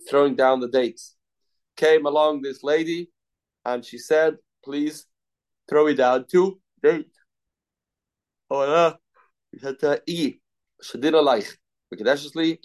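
Male Talmud teacher, mid-pitched, reads then explains, repeats himself, self-questioning. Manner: repeats key phrases, asks and answers his own questions. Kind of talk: daily Talmud class.

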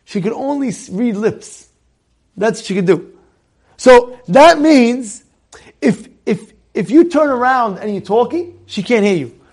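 A man telling a casual anecdote in an animated way, often repeating words and restarting his sentences. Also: very high voice, unhurried. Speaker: storyteller.

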